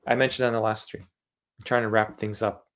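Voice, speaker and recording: A man's voice: on the low side, flat delivery, moderate pace, fairly bright tone. Man repeating words in an insistent lecture. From Eastern Europe. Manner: repeats words over and over while explaining them. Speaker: channel host. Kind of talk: livestreamed religious monologue.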